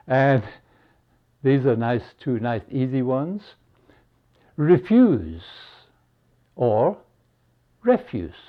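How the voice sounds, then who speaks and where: Slow, lively-voiced man teaching spelling. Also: mid-range voice. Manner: slow, deliberate, pausing between words. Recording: dull lo-fi recording.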